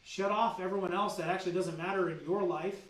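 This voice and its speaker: A man, a doctor, giving an energetic seminar-style health training, preachy and animated, firing teasing rhetorical questions at his audience. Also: high-pitched, quick pace. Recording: roomy sound with the mic at a distance.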